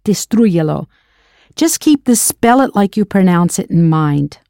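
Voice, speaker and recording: A woman's voice: lowish voice, animated, measured pace, gravelly, mellow, no room sound, clean studio sound. A woman teaching a recorded language lesson, spelling words out letter by letter and asking the listener to answer. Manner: spells words letter by letter, then prompts the learner.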